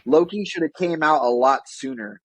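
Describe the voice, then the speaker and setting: A man's voice: on the high side, lively intonation, moderate pace, no echo, low-quality recording. A man co-hosting a podcast, chatting casually in a rambling, wry way and often correcting himself mid-sentence. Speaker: podcast co-host. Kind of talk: casual chat.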